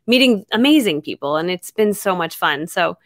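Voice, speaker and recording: A middle-aged woman chatting as a guest author on a podcast, bubbly and quick, laughing often. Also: lowish voice, lively intonation, no echo, clean studio sound. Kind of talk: casual podcast chat.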